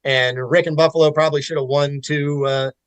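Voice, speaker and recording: A man's voice: on the high side, fairly even intonation, fairly quick, clear, resonant tone, dry recording, poor audio. A man in casual podcast conversation, talking candidly with restarts and swearing. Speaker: podcast guest. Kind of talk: casual chat.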